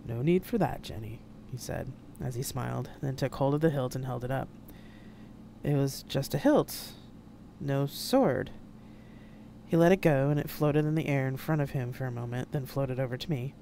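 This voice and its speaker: An author reading their own novel aloud in first person on a live stream, with an expressive, dramatic delivery. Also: mid-range voice, moderate pace, gravelly, slight background noise. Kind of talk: first-person audiobook narration read live. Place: home streaming setup.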